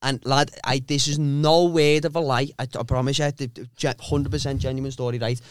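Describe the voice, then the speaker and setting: A young man, co-hosting a podcast and telling a story in casual, animated banter. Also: medium pitch, a little fast, clean tone, dry recording, studio quality. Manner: animated, swearing, laughs often. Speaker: podcast co-host.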